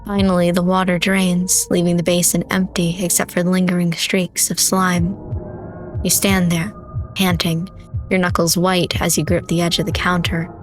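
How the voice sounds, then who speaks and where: A young woman streamer reading horror narration from a visual novel slowly and dramatically. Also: fairly low pitch, little pitch movement, soft background music, poor audio.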